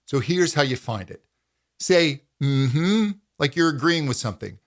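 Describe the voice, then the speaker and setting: A middle-aged man teaching a voice lesson as a vocal coach, calmly explaining and demonstrating hums and pitch slides. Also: moderate pace.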